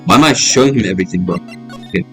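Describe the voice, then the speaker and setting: A man's voice: sits low, expressive, very fast, soft background music. A young man casually playing and reading a detective game aloud, with lots of fillers and calling the viewer bro. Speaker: gaming YouTuber.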